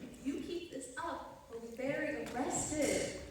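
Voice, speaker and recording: A woman playing an anxious, reluctant chef accomplice, talking in an exasperated, quick way. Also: high-pitched. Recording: echoey room, distant mic, faint noise.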